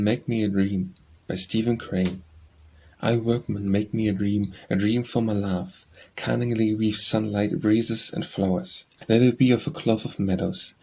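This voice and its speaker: A man with a husky voice, reading poems aloud in a measured, solemn way as an audiobook narrator. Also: lowish voice, a little mellow. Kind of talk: scripted poetry reading.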